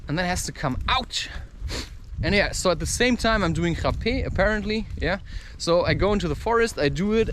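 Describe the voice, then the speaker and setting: Man, vlogger, high-pitched, very animated, swearing, rambling to himself. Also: a little hiss or hum. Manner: profane, excitable, talks to himself. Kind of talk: rambling spiritual monologue.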